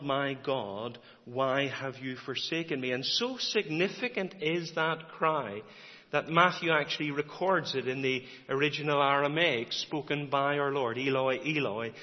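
A man preaching a sermon, measured and dramatic, pausing often and repeating key refrains. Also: on the high side. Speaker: pastor. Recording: dull lo-fi recording with long hall reverb.

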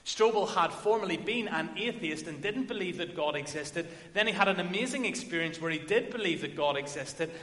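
A man preaching a sermon, telling a story and building to forceful emphasis. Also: sits high, expressive, a little fast, hardly any pauses. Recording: echoey hall with long reverb.

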